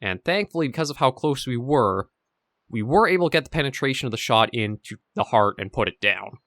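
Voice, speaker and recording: A man's voice: medium pitch, a little fast, dry recording. A man hosting his gaming channel, chatting casually over his gameplay and thinking aloud as he goes. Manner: relaxed, thinking aloud with fillers.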